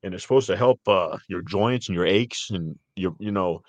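Rambling, low-voiced middle-aged man. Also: normal speed, no room sound. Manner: rambling, animated storytelling with frequent "man" and "dude". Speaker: podcast host. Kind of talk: casual chat.

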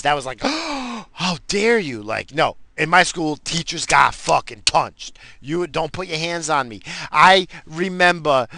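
A man with a gravelly, fry-laced voice that sits a little high, with a bright, forceful edge. He tells his story in a loose, animated way, swearing almost every line and restarting his sentences as he goes. It sounds like casual, off-the-cuff talk. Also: no room sound.

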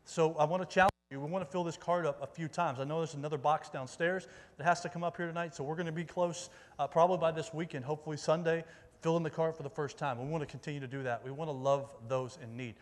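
Upbeat youth pastor in a reverberant hall. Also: male voice, a little high, steady tone, fast. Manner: upbeat, rallies the audience, calls out for volunteers. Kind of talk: casual youth sermon with crowd interaction. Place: church meeting room with an audience. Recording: long reverb of a large hall.

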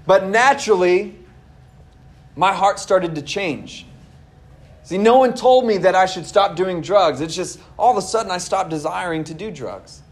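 A high-pitched young man preaching a sermon as pastor of his church. He talks earnestly and conversationally, turning to his listeners with casual asides. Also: expressive, measured pace.

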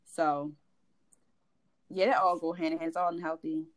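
A woman cohosting a podcast in casual chat, candid and expressive, acting out quotes as she tells stories. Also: low voice, moderate pace.

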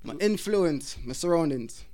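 A man's voice: fairly high pitch, expressive, a little slow, mellow. A man with a Jamaican accent, a guest musician chatting casually in a podcast interview, laughing and apologetic. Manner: laughing, apologetic, patois-heavy.

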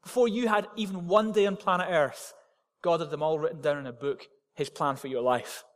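A man preaches from the front of a church, hammering his points home in short, repeated declarations. His voice sits high for a man. The sound rings with the long reverb of a large hall. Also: a little fast. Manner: emphatic, repetitive declarations. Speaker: pastor. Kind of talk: sermon.

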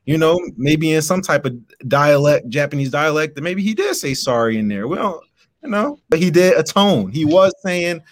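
A man's voice: on the high side, animated, moderate pace. A man making his case in a casual debate, laid-back and rambling with plenty of fillers.

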